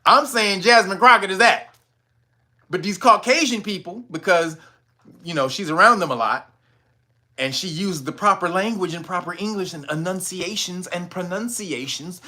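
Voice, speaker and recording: A man's voice: high voice, normal speed, sharp tone. A man hosting a casual commentary vlog, talking bluntly and profanely with mocking laughter. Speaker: channel host.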